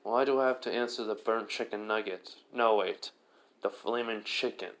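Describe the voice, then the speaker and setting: A man voicing a cocky young male devil who talks calmly, dryly and mockingly. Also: lowish voice, normal speed, lightly acted. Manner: calm, mocking and dry.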